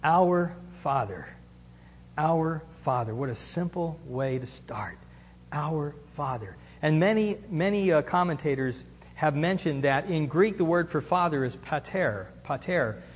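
A man's voice: fairly high pitch, lively intonation, measured pace, slight background noise. A male pastor preaching a sermon in a conversational way, asking the congregation questions and building to emphatic peaks. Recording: dull lo-fi sound with long church reverb.

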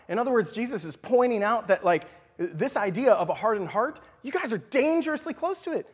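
A man teaching scripture in a relaxed, conversational way, often checking in with "right?" and sometimes dropping to a whisper for emphasis. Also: high-pitched, brisk, slightly rough. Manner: animated, leans on "right?" and "okay?". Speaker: Bible study teacher. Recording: long hall reverb.

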